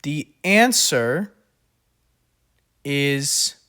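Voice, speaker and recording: A man's voice: a little high, sing-song, drawn-out words, sharp tone, clear, resonant tone. A man tutoring finance, talking through worked problems in a casual way, thinking aloud and laughing at himself. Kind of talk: worked-example lesson. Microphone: recording at an iPad.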